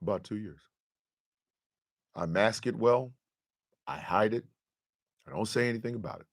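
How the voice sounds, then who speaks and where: A man hosting his show, talking to his audience in an impassioned, profane monologue that swings from quiet confession to loud outrage. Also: lowish voice, moderate pace.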